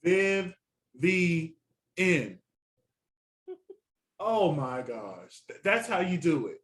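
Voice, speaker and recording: A man co-hosting a casual review chat, animated and laughing often. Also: fairly high pitch, drawn-out words, rough recording. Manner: chatty and animated, laughs often, quotes reactions. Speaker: co-host reviewing a TV competition.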